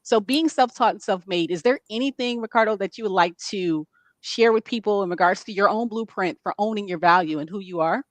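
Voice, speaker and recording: A woman's voice: medium pitch, a little fast, dry recording. Encouraging woman host, dry close sound. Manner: encouraging, frequent affirming fillers. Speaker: interview host. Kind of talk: casual interview talk.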